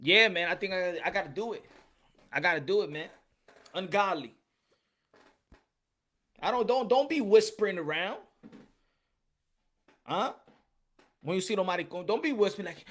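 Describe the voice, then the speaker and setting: Ranting casually on his podcast, a man repeats his points with emphasis and slips Spanish phrases in. He speaks at a normal speed with long pauses, in a high, animated, slightly bright voice.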